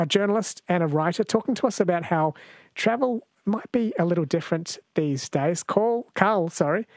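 A man from Australia hosting a talk radio show, speaking in a brisk, conversational way. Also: a little high, no echo, clean studio sound. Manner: brisk and conversational, brief interjections. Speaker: radio host.

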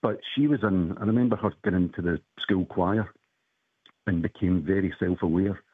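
A man's voice: low voice, normal speed, breathy edge, dry recording. A middle-aged man calling in to a radio show, chatting casually and hesitantly with many fillers. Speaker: caller. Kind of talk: casual phone chat. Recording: tinny phone line.

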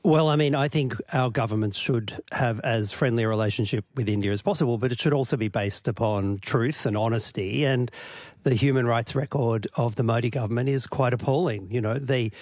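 A man's voice: mid-range voice, brisk, a little mellow, no echo, clean studio sound. A man, a senator, making his argument earnestly in a radio interview.

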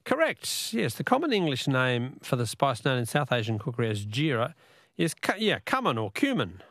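A man with an Australian accent hosting a talkback radio quiz, chatty and quick to laugh. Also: mid-range voice, big pitch swings, fairly bright tone, no room sound, studio quality.

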